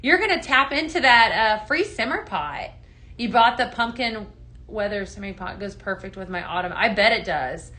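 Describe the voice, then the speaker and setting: A woman hosting a live home-fragrance sales stream, chatting casually, greeting viewers by name and filling pauses with ums. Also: mid-range voice, lively intonation, bright, forceful tone. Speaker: live shopping show host.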